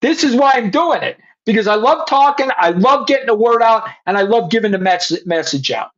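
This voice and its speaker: A woman hosting a casual chat show, excitable and laughing as she talks, swearing freely. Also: on the high side, a little fast. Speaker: show host. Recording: dull lo-fi audio.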